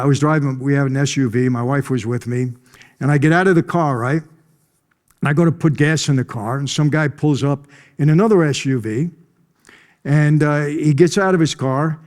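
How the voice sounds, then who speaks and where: A man's voice: medium pitch, darkish tone. A middle-aged man, telling his life story bluntly to a conference audience. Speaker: conference speaker. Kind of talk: storytelling testimony.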